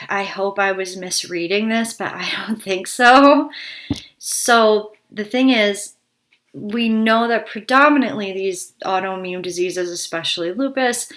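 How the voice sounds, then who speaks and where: A woman's voice: medium pitch, a bit bright. A woman giving a casual personal health update to her viewers, candid and worried, a little out of breath and often restarting her sentences. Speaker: health vlogger.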